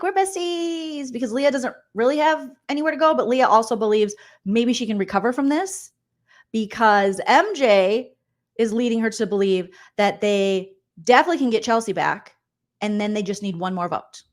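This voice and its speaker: A woman comedian recapping reality TV in an animated, gossipy, sarcastic way. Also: medium pitch, normal speed. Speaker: comedian host.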